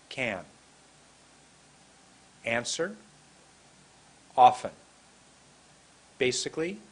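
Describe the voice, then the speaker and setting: A man from San Francisco teaching English pronunciation, repeating words slowly and deliberately. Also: medium pitch. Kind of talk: slow demonstrative lesson.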